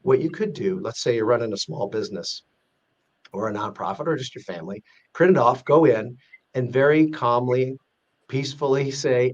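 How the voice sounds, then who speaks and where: A man, a guest being interviewed, explaining his points in an earnest, measured way with frequent restarts. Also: medium pitch, muffled recording. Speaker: guest, president of an advocacy group. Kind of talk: podcast interview.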